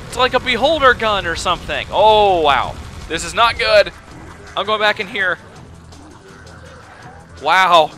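Young male let's-player, jumpy and exclaiming, a bit high-pitched. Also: moderate pace, long pauses, soft background music. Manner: excitable, exclaiming and panicking. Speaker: let's play gamer. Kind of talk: casual gameplay commentary.

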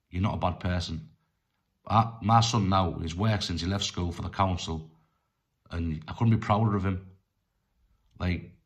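Rambling deep-voiced man. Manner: rambling, halting, with many restarts and "like" fillers. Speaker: storyteller vlogger. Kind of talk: casual personal storytelling.

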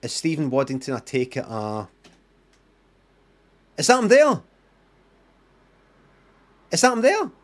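A man's voice: fairly high pitch, wildly swooping pitch, slow pace, long pauses. A man with a Scottish accent chatting, muttering and swearing through his live-stream commentary.

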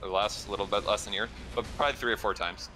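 Music plays behind a low-ish male voice that races along. He's an ER trauma nurse from the Chicago area, casually chatting and telling a story with lots of fillers and easy laughter.

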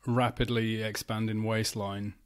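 A man chatting casually as a podcast guest in a flat, joking around and trying out regional accents. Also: on the low side, unhurried, clear, resonant tone. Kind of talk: casual chat. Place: living room of a flat, indoors.

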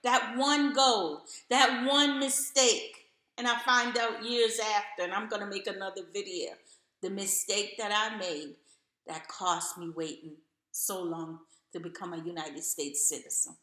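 A woman's voice: mid-range voice, steady tone, unhurried, bright, forceful tone, echoey room. A woman telling her own story to camera in an earnest, encouraging way, repeating phrases for emphasis.

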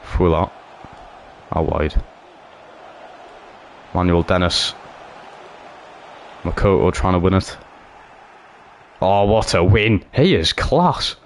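Brief: deep-voiced man, excitable gameplay commentary. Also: takes it slowly, pauses often, a little hiss or hum. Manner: excitable, swings from cheering to groaning. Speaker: gaming YouTuber.

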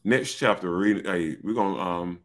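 A man teaching an informal Bible study, excitable, often repeating himself and calling to his listeners. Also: deep voice, normal speed. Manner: excitable, repeats "look", addresses listeners as baby.

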